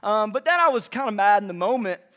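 A man's voice: high voice, expressive, fast talker, pushed and bright. A man in his twenties opening a sermon in a church, chatty and self-deprecating, full of "like" and "um". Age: 20s. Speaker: young adult ministry speaker. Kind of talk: casual sermon opening with stories and announcements. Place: church auditorium before a live audience.

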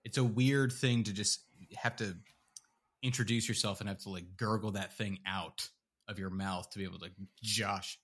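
Male podcast co-host, low-ish bright voice, rambling and laughing. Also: steady tone, moderate pace. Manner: rambling, laughs often, many fillers and restarts. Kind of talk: casual chat.

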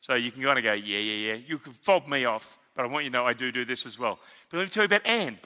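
A man with an Australian accent preaching a sermon as senior pastor, telling stories in an animated, emphatic and conversational way. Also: medium pitch, racing, in a large hall. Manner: animated storytelling, emphatic, conversational asides to the congregation.

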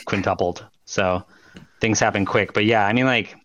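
A man's voice: lowish voice, steady tone, moderate pace, a bit bright, slight background noise. A man co-hosting a casual chat who rambles loosely, swears and laughs often. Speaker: podcast co-host.

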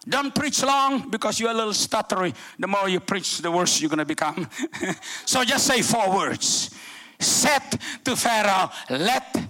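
Fervent high-voiced older male preacher. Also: expressive, moderate pace. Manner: fervent, shouting exclamations with wide swings between loud and hushed. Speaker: guest preacher. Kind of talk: sermon.

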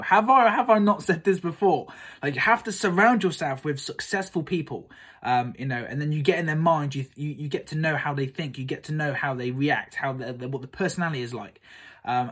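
A young man speaking to camera in a casual, excited monologue, gushing, full of fillers and repeats, and jumping high to act out quotes. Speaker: summit organiser vlogging.

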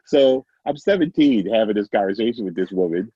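A middle-aged man casually telling a personal story, animated and self-amused, acting out the dialogue. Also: lowish voice, a little fast, slightly rough, no room sound, muffled recording. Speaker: guest storyteller.

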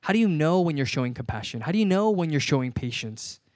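Pastor, man in his thirties, easygoing sermon delivery with repeated key lines, slightly high voice, dry sound. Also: big pitch swings, fast talker, a little mellow, no echo.

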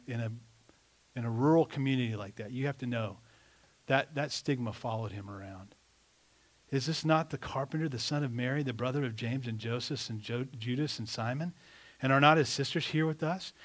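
A man preaching a sermon in an animated, conversational way, asking the congregation rhetorical questions. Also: mid-range voice. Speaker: pastor.

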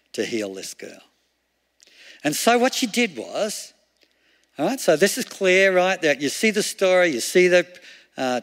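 A male preacher with a medium-pitched, fairly bright voice gives a chatty, conversational sermon, laughing often and posing rhetorical questions. Long hall reverb surrounds his voice.

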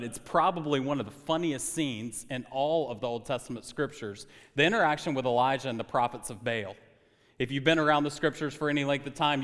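Animated young male pastor in reverb. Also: medium pitch. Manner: animated, conversational preaching with humor. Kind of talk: sermon. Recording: long hall reverb.

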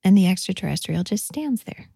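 A woman giving a guided reflective talk, speaking softly and playfully, often dropping to a whisper. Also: mid-range voice, sing-song, a little fast, creaky, husky, dry recording, clean studio sound. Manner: soft, playful, often drops to a whisper and laughs.

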